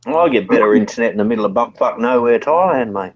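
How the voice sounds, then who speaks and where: A man's voice: mid-range voice, animated, fast. A man, co-hosting with crude trash-talking insults. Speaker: co-host. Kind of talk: crude casual banter. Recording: dull lo-fi off-mic sound with faint noise.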